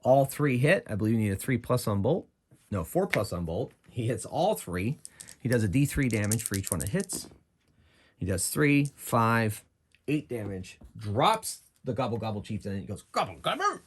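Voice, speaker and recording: A man's voice: on the low side, animated, normal speed, a little hiss or hum. Chatty man narrating a solo tabletop game. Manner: chatty, thinks aloud about rules and dice rolls.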